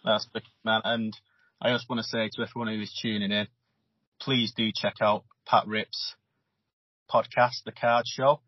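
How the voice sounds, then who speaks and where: A man hosts a podcast in a relaxed, conversational way. His voice is somewhat husky and sits at a middle pitch. The recording is dull and lo-fi with a dry, close sound. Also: moderate pace, dry recording. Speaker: podcast host. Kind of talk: casual podcast chat.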